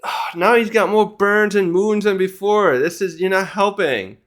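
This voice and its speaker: Man doing a worried giantess caretaker, blunt, exasperated, a bit higher voice. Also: normal speed, a bit bright.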